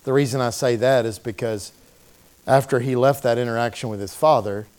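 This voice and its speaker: A man preaching a sermon in a church, telling the story with animated delivery and acting out the voices of its people. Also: mid-range voice, brisk. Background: congregation calling out responses.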